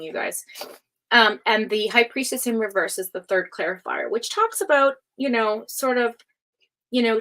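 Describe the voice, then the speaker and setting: A woman giving a casual tarot reading on a livestream. She talks in a loose, chatty way full of fillers and restarts, and she calls her viewers affectionate pet names. Her voice sits at a middle pitch. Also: fairly bright tone, rough recording. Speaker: tarot reader hosting a livestream.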